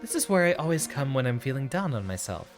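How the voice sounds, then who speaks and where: Brief: man doing a timid young creature hero, nervous and hesitant, very animated pitch. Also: fast, soft background music, lightly acted. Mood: gentle, concerned. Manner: nervous, hesitant, self-doubting. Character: timid young male creature hero, cowardly but hopeful.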